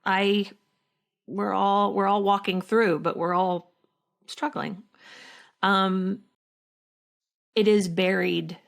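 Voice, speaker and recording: A middle-aged actress talking slowly and reflectively as a podcast guest, with halting restarts. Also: female voice, medium pitch, steady tone, gravelly. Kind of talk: emotional interview conversation.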